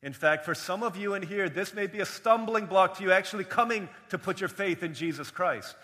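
A young adult man preaching a sermon as pastor, swinging from raised, emphatic lines to quiet storytelling. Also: high-pitched, brisk. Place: church sanctuary. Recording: long hall reverb.

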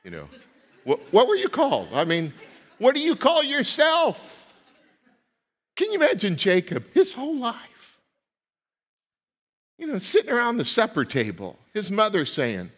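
A middle-aged man preaching a sermon, swinging between loud rising questions and low, quiet asides. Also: wildly swooping pitch, measured pace, long pauses. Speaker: pastor. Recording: long hall reverb.

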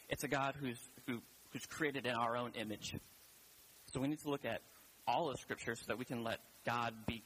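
A man's voice: mid-range voice, fairly bright tone, slightly rough, poor audio. A man preaching a sermon in a church, casual and rambling, with many fillers and restarts.

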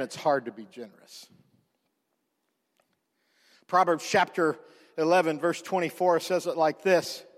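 A man pastor telling a personal story in a sermon, animated, with frequent restarts and repeated words. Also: fairly high pitch, long reverb tail.

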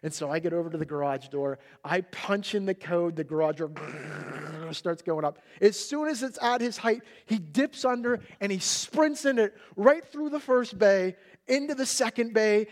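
A middle-aged man preaches a sermon in a fairly high voice. He tells family stories with lots of energy and loudly acts out his toddler's excited shouts. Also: a little slow. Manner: animated storytelling, acting out his toddler's shouts. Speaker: pastor.

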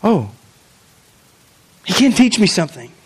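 A young man preaching a sermon, animated, joking in asides and talking straight to his listeners. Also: high-pitched, measured pace, husky. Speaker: pastor.

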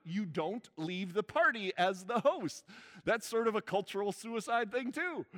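Here a man delivers a sermon with a high, fairly bright voice, keeping it conversational and often turning to the congregation to check in. Church hall reverb colors the audio.

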